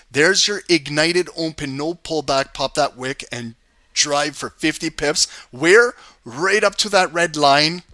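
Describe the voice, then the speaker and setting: A man hosting a live trading stream, giving energetic casual commentary on charts and talking to his viewers. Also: fairly high pitch, dry recording. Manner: energetic, swears and laughs, talks to chat by name. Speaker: trading livestream host.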